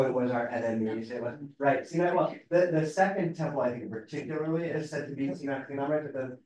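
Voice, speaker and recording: A man's voice: medium pitch, darkish tone. A man leads a study class as a rabbi, walking through a passage in a thoughtful, explanatory way and reading lines aloud. He sits away from the microphone, so the room's echo colors every word. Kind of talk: conversational text study. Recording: roomy, distant mic.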